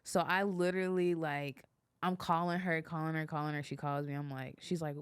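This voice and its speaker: A young woman in her twenties from Kansas, a photographer guest chatting casually on a podcast, telling animated stories and laughing often. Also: deep voice, fairly quick, clean tone, no room sound. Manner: animated storyteller, laughs often, acts out quotes. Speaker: photographer and business owner, guest.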